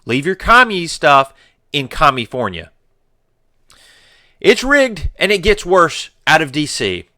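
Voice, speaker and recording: A man's voice: fairly high pitch, sing-song, measured pace, long pauses, bright, forceful tone, no echo, clean studio sound. A man hosting a political commentary show, combative and sarcastic, with mocking exclamations.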